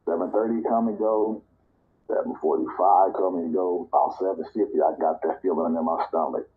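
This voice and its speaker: A man from Nebraska casually telling a personal story, talking relaxed and slipping into higher voices when he quotes people. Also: moderate pace. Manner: relaxed, conversational, acts out quoted dialogue in a higher voice. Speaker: storyteller in a live audio chat. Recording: tinny phone-line audio.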